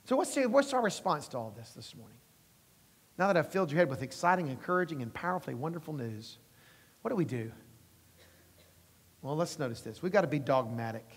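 A man's voice: a little high, expressive, quick pace, husky, long reverb tail. A man preaching a sermon as pastor, emphatic and rising at times, acting out quotes.

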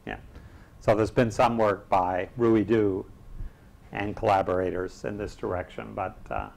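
A man giving an academic seminar lecture, halting, with many filler pauses and the odd throat-clearing. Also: lowish voice, steady tone, darkish tone. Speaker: seminar speaker.

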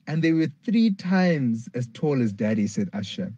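A man reading a children's dinosaur story aloud, lively, jumping up high for the characters' lines. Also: unhurried, husky, dry recording, lo-fi sound.

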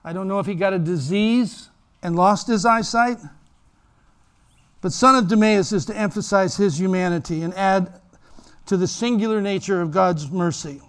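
A man's voice: high voice, moderate pace, smooth. A man preaching a sermon in church as pastor, telling stories animatedly and acting out voices. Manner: animated storytelling, acts out voices.

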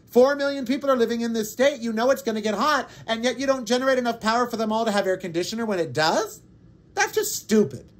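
A man hosting a podcast, delivering an indignant, sarcastic political monologue. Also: very high voice. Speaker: podcast host.

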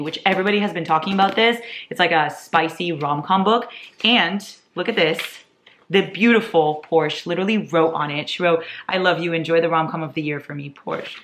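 Gushing young woman vlogger, echoey room. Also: on the low side. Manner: gushing, excitable, laughs often. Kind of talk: casual chat.

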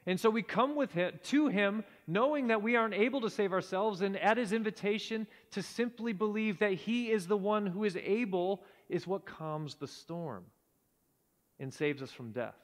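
Male preacher, high-pitched voice, earnest with hushed drops, in a church hall with a long echo. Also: lively intonation, normal speed. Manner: earnest, drops to a hushed low voice at key points. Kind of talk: sermon. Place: church sanctuary.

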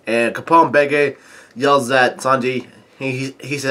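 A man casually reading a comic aloud with his own comments, halting and full of fillers, chuckling at the story. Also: mid-range voice, steady tone, fairly bright tone.

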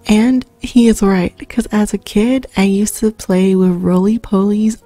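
Chatty giggly woman playing a game, super slow easygoing talk, soft dark-ish voice. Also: medium pitch, steady tone, no room sound. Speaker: gaming channel host. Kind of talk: casual game commentary.

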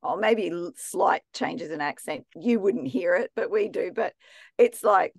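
Australian woman, lower voice, bubbly and chatty teacher, dry close sound. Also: expressive, unhurried, creaky, dry recording. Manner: chatty, enthusiastic, many restarts and fillers. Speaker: guest teacher in a theology class. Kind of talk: casual, chatty teaching talk.

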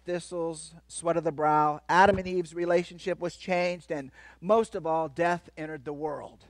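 High-voiced man preaching playfully. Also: dry recording. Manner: playful, jokes with the crowd, swings between loud and soft. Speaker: guest speaker at a church kids' event. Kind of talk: lively sermon to children. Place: church hall.

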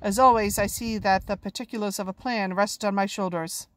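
A woman voicing a smooth-talking, menacing male pirate who turns sarcastic and theatrical, a storybook reading. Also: mid-range voice, fairly even intonation, fairly quick, close to an everyday voice. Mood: silky. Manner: sarcastic, theatrical, drops to a whisper.

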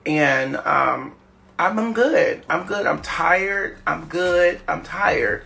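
A man chatting on a phone livestream, weary and halting, with many fillers. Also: a little high, vocal fry, sharp tone. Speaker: live streamer. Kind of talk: rambling casual livestream chat.

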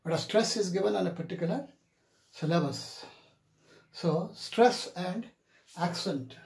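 A man teaching an English pronunciation lesson in a deliberate way, repeating each example word several times. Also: high-pitched, vocal fry, a little mellow. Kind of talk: classroom lecture on pronunciation. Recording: echoey room.

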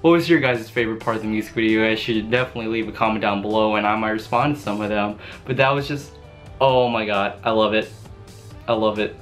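A young-sounding man hosting a music video reaction, talking casually and gushing with excitement. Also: lowish voice, fast talker. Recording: loud song playing behind. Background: loud music.

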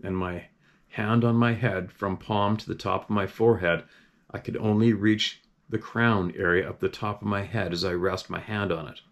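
A young adult man reading out a first-person camping story in an earnest, steady way, with small slips and restarts. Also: deep voice, normal speed. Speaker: host reading a viewer's story.

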